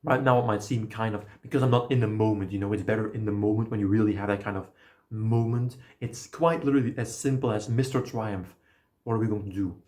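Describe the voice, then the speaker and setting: A man giving a casual, energetic motivational talk, explaining ideas and swearing now and then. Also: lowish voice, quick pace. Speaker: self-help video creator.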